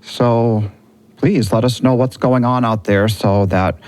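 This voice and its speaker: A man's voice: mid-range voice, steady tone, slow, darkish tone, clean tone. A man co-hosting a podcast, speaking earnestly as he promotes and asks questions. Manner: earnest, promotional when reading segments. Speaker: podcast co-host. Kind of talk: casual podcast talk and announcements.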